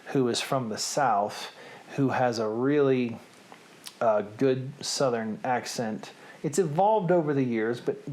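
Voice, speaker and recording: A middle-aged man talks casually to camera about his own series, drifting from point to point. His manner is chatty and self-deprecating, with a voice of ordinary pitch for a man. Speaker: host of a reading series.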